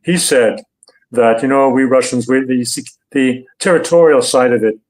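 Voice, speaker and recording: An older man as a guest analyst in an interview, speaking deliberately, with frequent hesitations and fillers. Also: mid-range voice, low-quality recording.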